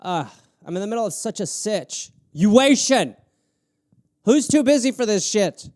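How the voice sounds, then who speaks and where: Man, fairly high voice, dry close sound, sarcastic comic riffing, animated rants, solo livestream host. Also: moderate pace, no room sound. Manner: animated, sarcastic, jumps between mock voices and asides. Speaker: comedian host riffing on viewer prompts. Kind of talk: solo improvised comedy riff on a livestream.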